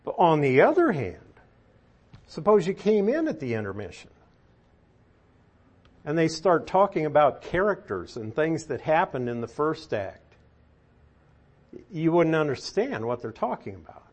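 A man with a slightly husky voice leads a Bible study class at a slow, deliberate pace. He sounds middle-aged and leans hard on key words, stopping to put questions to his listeners. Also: fairly high pitch, very animated, darkish tone. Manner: unhurried, emphatic, asks the class questions. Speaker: Bible teacher.

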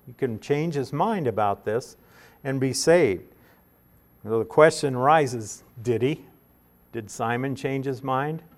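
Male Bible teacher, mid pitch, careful explanatory delivery, slows on key words.

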